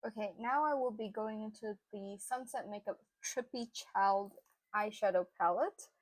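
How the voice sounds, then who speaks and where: A woman's voice: mid-range voice, moderate pace, dry recording. A young woman narrating a makeup tutorial in a chatty, casual way, with lots of fillers. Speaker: beauty vlogger.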